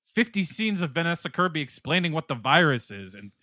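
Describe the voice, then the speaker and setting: A man on a comedy movie podcast, dropping deadpan jokes between the others. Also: a little high, brisk, no room sound, clean studio sound. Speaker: podcast co-host. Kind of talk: casual comedic movie review chat.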